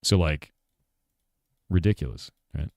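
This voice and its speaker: A very deep-voiced middle-aged man chats casually on a live stream, laid-back and laughing often. He reads viewers' questions aloud and answers them, calling everyone "dude." The sound is close and dry, with no room around it. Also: unhurried, a little mellow, dry recording. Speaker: streamer and game developer.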